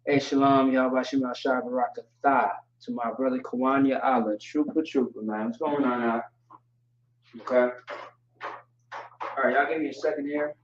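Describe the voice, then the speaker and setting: A man teaching a livestream lesson, explaining slowly and deliberately with frequent fillers. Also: mid-range voice, steady tone, slight background noise. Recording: distant, echoey and dull lo-fi audio.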